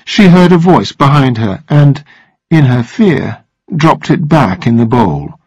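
A man narrating a story aloud for English listening practice, with a measured, expressive delivery. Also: mid-range voice, husky, no echo.

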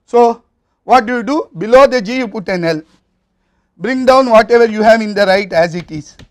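A man with an Indian English accent delivers a university lecture. His voice sits notably high for a man, and he works through each step in a measured, explanatory way, pausing on fillers and restarting phrases. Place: recording studio or classroom.

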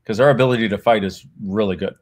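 Fast and a little mellow, his fairly low voice belongs to an author who is a guest here. Chatting casually, he laughs a lot, plays out remembered exchanges, and wanders and corrects himself mid-thought.

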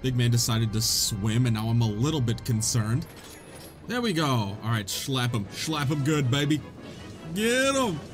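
An excitable young man comments on a video game playthrough, joking and laughing as he goes. His pitch swoops wildly between lows and highs. Faint game music plays in the background. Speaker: gaming channel host. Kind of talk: let's play commentary.

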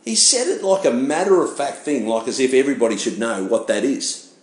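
A man, a pastor giving his testimony in animated storytelling, acting out the voices of people he met. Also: mid-range voice, fairly quick. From Australia. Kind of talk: personal testimony sermon. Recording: echoey room.

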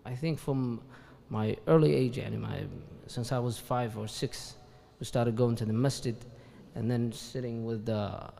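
Man from Qatar, panel guest, gravelly voice, hesitant code-switching, long hall echo. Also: medium pitch, moderate pace, hardly any pauses. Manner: relaxed, hesitant, mixing Arabic fillers into his English. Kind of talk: casual talk at a live event. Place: event hall at an Islamic centre.

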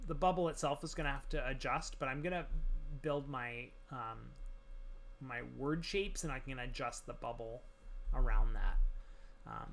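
A man talking through a software tutorial as he works, relaxed, with many pauses and fillers. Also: mid-range voice, vocal fry, a little hiss or hum. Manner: relaxed, many ums and restarts while working. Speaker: tutorial instructor. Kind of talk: screen-recorded software tutorial.

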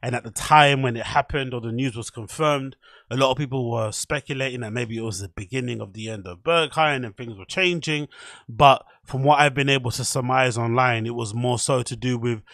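A man's voice: mid-range voice, brisk, fairly bright tone, no echo, studio quality. A man with a British accent hosting a casual solo podcast, talking in a joking, self-mocking way with sarcastic asides. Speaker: podcast host.

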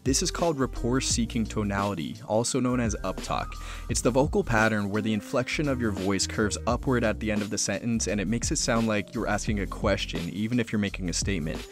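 A man's voice: lowish voice, fairly quick. A man hosting a casual explainer vlog, chatty and informal with joking asides. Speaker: video host. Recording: roomy echo with faint music.

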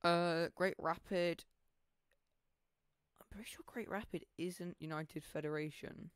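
A laid-back let's play commentator talking at a slow, easy pace. They mumble running thoughts, address the game's characters directly, and break into playful chuckles along the way. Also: mid-range voice, steady tone, smooth, no room sound, clean studio sound. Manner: mutters to self, talks to game characters; playful, laughs and hums along. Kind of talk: casual gameplay commentary.

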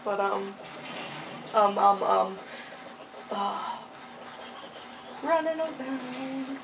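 A woman's voice: a little high, lively intonation, extremely slow, gravelly, over music. Giggly young woman rambling over gameplay. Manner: rambling, giggly, many fillers. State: sleepy, with hiccups. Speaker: gaming channel host. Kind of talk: casual gameplay commentary. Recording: distant mic with faint noise.

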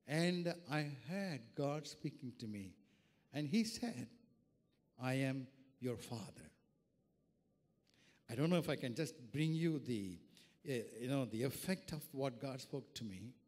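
A male pastor giving an earnest sermon that moves from a quiet personal testimony to fervent preaching, recorded in a church sanctuary. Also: fairly high pitch. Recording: reverberant church hall.

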